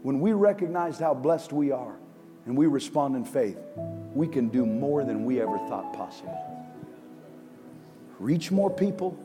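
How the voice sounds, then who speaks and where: A man preaching a sermon as pastor, swinging between impassioned, near-shouted lines and low, quiet ones. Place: large church auditorium. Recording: live church sound with long hall reverb. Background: music under the preaching.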